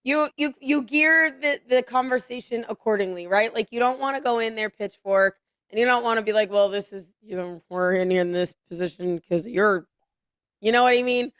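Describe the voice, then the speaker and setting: A woman co-hosting a casual political podcast, telling stories in a lively way and often stumbling and restarting mid-sentence. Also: on the high side, clear, resonant tone, no room sound, studio quality. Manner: animated storytelling, quick stumbles and restarts. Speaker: podcast co-host.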